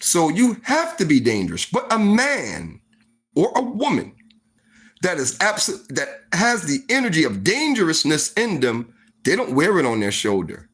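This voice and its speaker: A man telling a story in a casual monologue, profane and animated, full of fillers like "like" and "you know.". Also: fairly high pitch, measured pace. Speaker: storytime vlogger.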